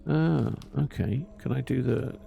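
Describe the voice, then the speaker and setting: A man's voice: medium pitch, a little slow, gravelly, mellow, soft background music. A man streaming a game live, muttering, swearing and exasperated as he plays. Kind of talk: live gameplay commentary.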